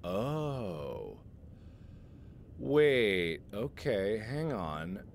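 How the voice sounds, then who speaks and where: A man in his twenties playing a game and chatting jokily with his viewers in an excitable way. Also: lowish voice, very slow, creaky, a little hiss or hum. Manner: excitable, jokey, talks to viewers. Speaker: gaming host. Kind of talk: let's play commentary.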